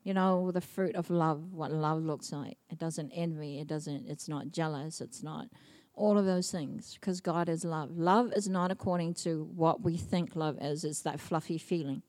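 A middle-aged pastor delivers a sermon in a fairly low voice. She drives her points home by repeating them with emphasis. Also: steady tone, moderate pace, a little mellow. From Samoa. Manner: emphatic, repetitive preaching.

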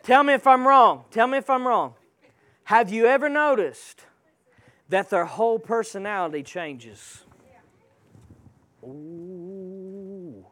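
A man's voice: very high-pitched, lively intonation, measured pace, a bit bright, clear, resonant tone. A man preaching a sermon, emphatic and calling out to the congregation.

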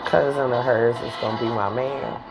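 A woman's voice: a bass voice, steady tone, normal speed, music in the background. A woman telling a personal story in a casual, candid way, blunt and swearing freely.

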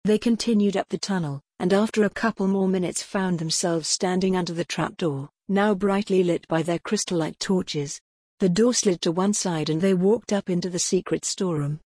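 A woman reading a children's adventure story aloud in a calm, even storytelling manner. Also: fairly low pitch, moderate pace, breathy edge, no room sound, clean studio sound. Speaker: audiobook narrator. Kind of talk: scripted storybook narration.

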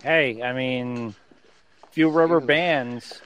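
A man's voice: mid-range voice, drawn-out words, fairly bright tone, rough recording. A man co-hosting a movie-riffing podcast, trading laid-back wisecracks. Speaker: podcast co-host. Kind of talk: riffing on a movie, casual chat.

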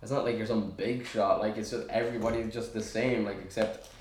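Young man, casual rapid chat, echoey room, faint hiss. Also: fairly low pitch, steady tone, darkish tone. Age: young adult. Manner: rapid, chatty, self-deprecating. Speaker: video creator.

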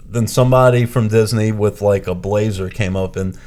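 Man, lowish voice, podcast co-host, chatty storytelling, animated, acts out quotes. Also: normal speed. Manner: chatty, with restarts and fillers. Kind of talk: casual storytelling chat.

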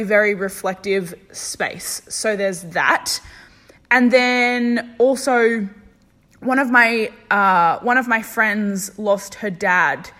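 A woman's voice: medium pitch, pushed and bright. A young woman talking candidly in a reflective personal vlog, thinking aloud and swearing freely. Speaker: vlogger.

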